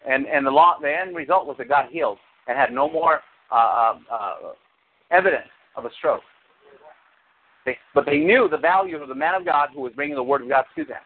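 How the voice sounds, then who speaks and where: A man preaching a sermon as pastor, animated, with sudden high exclamations. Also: a little fast. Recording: tinny phone-like sound.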